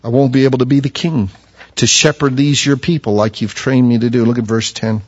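A man's voice: medium pitch, fairly quick, darkish tone, breathy edge. A man preaching a sermon, reading scripture aloud and building to fervent emphasis. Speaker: pastor. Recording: dull lo-fi recording.

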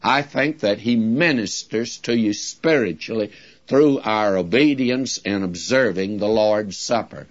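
A man teaching from the Bible in a sermon, deliberately drawing out key words and speaking directly to his listeners. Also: fairly low pitch. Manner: addresses listeners directly, folksy asides. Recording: dull lo-fi recording.

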